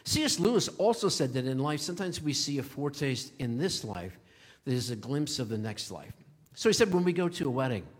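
A man's voice: medium pitch, very animated, brisk, breathy edge. A male pastor preaching a sermon in a conversational, storytelling way, chuckling now and then. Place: church sanctuary. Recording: long hall reverb.

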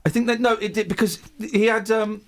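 A man's voice: sits high, fairly even intonation, brisk. A man in his forties hosting a radio show, rambling and joking with restarts in casual banter. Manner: rambling, jokey, stumbles and restarts. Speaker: radio host.

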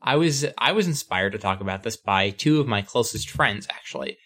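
A man's voice: on the low side, lively intonation, brisk, fairly bright tone. A man co-hosting a podcast in casual chat, playful and loose, with many fillers. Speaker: podcast co-host.

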